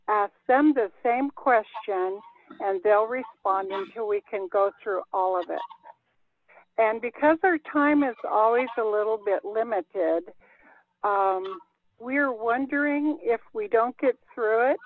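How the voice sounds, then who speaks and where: A language teacher leads a group class over a video call, patiently explaining things step by step. Her voice is on the high side, and the audio is dry and phone-like with no room sound.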